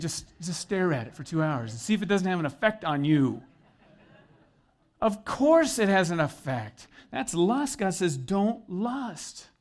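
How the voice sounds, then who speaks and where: A middle-aged man preaching a sermon as pastor, conversational and earnest with joking asides. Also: on the high side.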